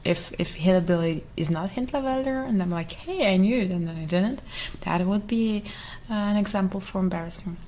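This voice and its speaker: A woman whose first language is Russian, chatting in a soft ASMR voice, giggling often and rambling, sometimes whispering. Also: fairly low pitch, moderate pace, a little hiss or hum, poor audio. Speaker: ASMR creator. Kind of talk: soft-spoken ASMR chat.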